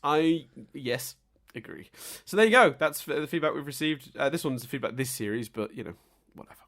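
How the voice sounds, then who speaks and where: A man co-hosts a podcast in relaxed, rambling chat. He often restarts his sentences and fills them with ums. His voice sits at a middle pitch and he teases his co-host. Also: fairly quick. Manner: chatty, self-interrupting, many ums and restarts.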